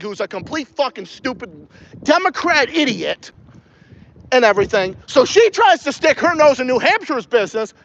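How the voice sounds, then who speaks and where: A podcast host from Massachusetts with a New England accent rants with heavy profanity while taking viewer questions outdoors. His voice sits unusually high and jumps around a lot. The recording sounds dull and lo-fi, with faint noise behind him. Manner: profane, heated ranting. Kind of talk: ranting live-stream podcast with viewer questions.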